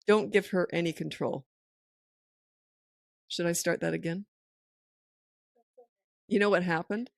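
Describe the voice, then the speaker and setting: A woman's voice: on the low side, steady tone, unhurried, creaky, long pauses, no echo. A middle-aged woman, a parenting coach and podcast host, answering listener questions in a firm, direct manner and acting out what parents should say, close to a studio microphone.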